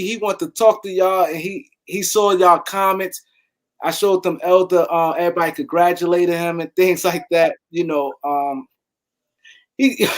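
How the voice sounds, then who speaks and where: A man hosting a live sports talk stream, talking casually and animatedly, often repeating words as he goes. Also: high voice. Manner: animated, repeats words, shouts out viewers by name. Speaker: show host.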